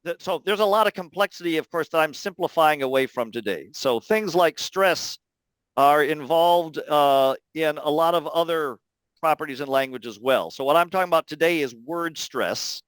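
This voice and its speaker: A man giving an academic talk, explaining carefully in a measured way with frequent pauses. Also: on the high side, clean tone, no echo, low-quality recording. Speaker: linguistics lecturer. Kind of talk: academic talk answering questions.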